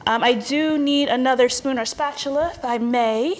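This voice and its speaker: A woman's voice: sits high, normal speed, a little hiss or hum. A woman chef giving a cooking demonstration, explaining each step in a chatty, instructive way.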